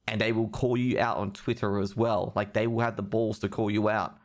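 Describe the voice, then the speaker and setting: A man's voice: fairly low pitch, level tone, fairly quick. A young man hosting a live stream, ranting with heavy profanity about esports news. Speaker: streamer host.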